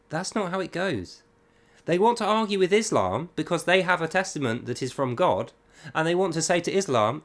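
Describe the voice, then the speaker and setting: A man's voice: fairly high pitch, big pitch swings, moderate pace, bright, forceful tone. A man hosting a reading with commentary, speaking in a sarcastic, scornful and mocking way. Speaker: host. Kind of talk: reading aloud with critical commentary.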